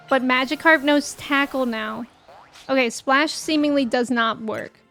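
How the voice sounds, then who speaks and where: A young woman streaming a game live, chatting to her viewers, excitable and quick to shriek or laugh when startled. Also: high-pitched. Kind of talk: live gameplay commentary. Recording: game music playing underneath. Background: faint game music.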